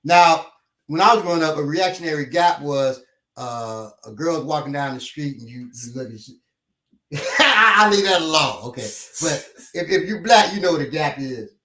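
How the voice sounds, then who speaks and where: A man casually explaining self-defense, lively, acting out scenarios with quoted lines. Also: on the high side, normal speed, recorded from a distance. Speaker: martial arts instructor. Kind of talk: casual conversation. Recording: echoey room, off-mic.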